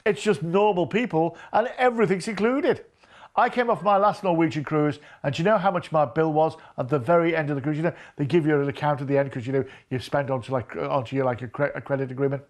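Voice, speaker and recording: A man's voice: fairly high pitch, quick pace. A man presenting cruise deals on a TV shopping channel, chatty and enthusiastic with folksy asides. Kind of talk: TV shopping sales pitch.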